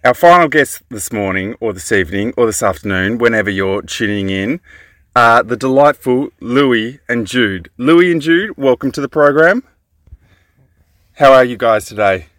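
A woman with a strikingly low voice hosts a radio-style show, chatting playfully with young children. Her delivery is upbeat and coaxing, swinging widely up and down in pitch. The recording is dry and close, with no room sound. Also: animated, moderate pace, a bit bright, no room sound. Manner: upbeat, coaxing, laughs often.

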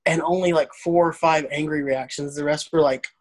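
His voice on the high side and his pace brisk, a Southern-accented comedian from Arkansas relates stories in relaxed conversation, animatedly impersonating those he quotes.

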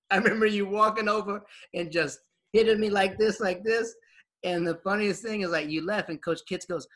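Bright-voiced young man telling stories. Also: high voice, normal speed. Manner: animated, acts out quoted voices, laughs often. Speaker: friend reminiscing. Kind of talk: casual storytelling chat.

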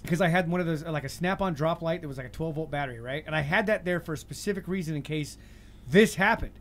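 A man's voice: a little high, fast talker. A man telling wild stories in casual chat, swearing a lot and laughing often.

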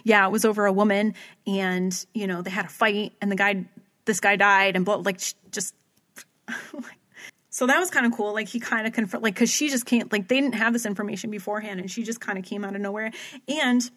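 A woman's voice: medium pitch, steady tone, fairly quick, a bit bright. Woman just chatting, telling a long rambly story, says like a lot, acts out what people said. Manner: rambling storyteller, heavy use of "like", acts out quotes. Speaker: podcast co-host recapping a paranormal TV episode. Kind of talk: casual chat.

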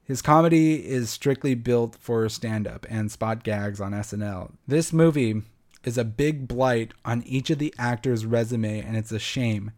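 A man's voice: medium pitch, a little mellow. Blunt, swearing man reviewing a film. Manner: blunt, sarcastic, swears freely. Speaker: podcast host. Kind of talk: casual film review monologue.

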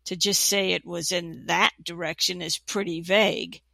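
A storybook narrator voicing an elf who grumbles slowly about vague directions. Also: medium pitch, fairly even intonation, creaky, sharp tone, dry recording. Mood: grumbling.

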